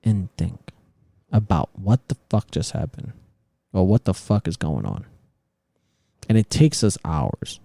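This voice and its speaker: A man hosting a casual podcast, ranting in an animated way and swearing constantly. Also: low voice, unhurried, creaky, long pauses, dry recording. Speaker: podcast host. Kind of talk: casual opinion talk.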